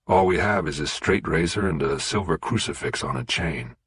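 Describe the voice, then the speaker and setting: A man voicing a grave middle-aged male official who speaks in a measured, formal way. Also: a bass voice, animated, fairly bright tone, breathy edge, no echo, clean studio sound, exaggerated voice.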